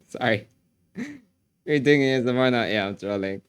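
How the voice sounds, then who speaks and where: A man's voice: mid-range voice, takes it slowly, smooth, no echo, clean studio sound. A man streaming live, chatting casually with his viewers, joking, laughing often and filling his talk with "like".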